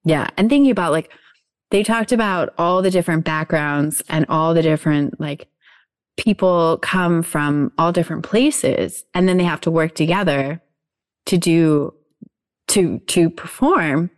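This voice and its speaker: A woman's voice: sits low, a little slow. A woman chatting casually, enthusiastic and agreeable, laughing easily. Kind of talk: casual chat.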